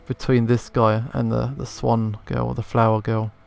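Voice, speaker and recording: A man's voice: medium pitch, level tone, unhurried, gravelly, hardly any pauses, darkish tone. A man giving casual let's play commentary, thinking aloud with hesitant restarts. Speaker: gamer.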